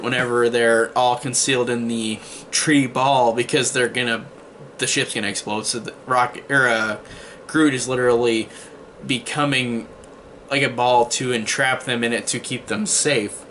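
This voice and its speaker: A man's voice: mid-range voice, steady tone, moderate pace, pushed and bright, a little hiss or hum. A man giving a casual spoken movie review, rambling with frequent restarts and fillers.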